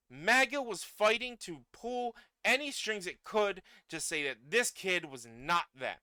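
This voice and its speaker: Bright, clear-voiced man ranting. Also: sits high, sing-song, a little slow, no room sound. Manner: angry, profane, swings between loud shouting and quiet. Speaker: streamer. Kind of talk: political rant.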